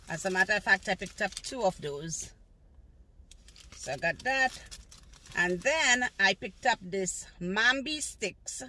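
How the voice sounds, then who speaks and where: A woman's voice: medium pitch, pushed and bright. An older woman, a grandmother, showing off her shopping haul in a gushing, repetitive way from her car. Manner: gushing, repeats praise words. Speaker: haul vlogger. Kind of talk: casual haul video, showing items. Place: outdoors in a car on a sunny day.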